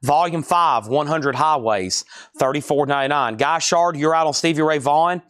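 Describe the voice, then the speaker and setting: A man's voice: a little high, moderate pace, a bit bright, no room sound, studio quality. A man running a live record auction stream, rattling off prices and bidder names with chatty asides to viewers.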